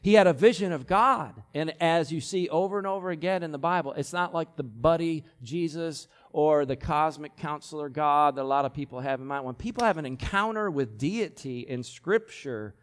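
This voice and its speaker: A man preaching an expository sermon, chatting through the passage and then swelling to loud, emphatic peaks as he reads scripture aloud. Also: fairly high pitch, normal speed, hardly any pauses. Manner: conversational asides between readings. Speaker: Bible teacher.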